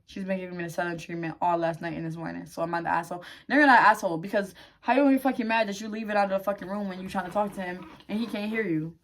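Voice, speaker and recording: A woman creator reacts to online posts in a casual vlog. She reads the stories at a subdued, even level. Then she bursts in with blunt, heavily profane commentary. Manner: profane, blunt outbursts between calmer reading; reads posts aloud in a lower, quieter voice.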